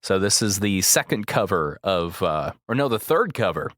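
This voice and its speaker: A man's voice: low-pitched, big pitch swings, normal speed, a bit bright, no echo, studio quality. A man hosting a music podcast, talking casually with frequent fillers and self-corrections. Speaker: podcast host. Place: Chicago.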